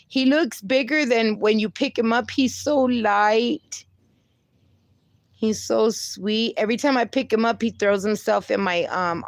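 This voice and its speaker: A woman's voice: medium pitch, dry recording. A young woman hosting a casual livestream, reading viewer comments aloud and answering them with upbeat encouragement, laughing often and swearing a little. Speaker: livestream host.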